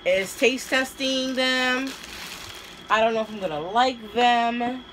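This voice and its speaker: A woman's voice: fairly high pitch, slow, fairly bright tone, a little hiss or hum, poor audio. A woman vlogger chatting casually and hesitantly as she unboxes and taste-tests snacks, with many fillers. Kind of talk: casual taste-test vlog.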